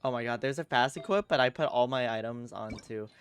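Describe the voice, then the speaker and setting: A man streaming a game as a VTuber, chatting casually and getting excitable with loud bursts of laughter. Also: mid-range voice, brisk. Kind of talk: casual game livestream chat. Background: game music.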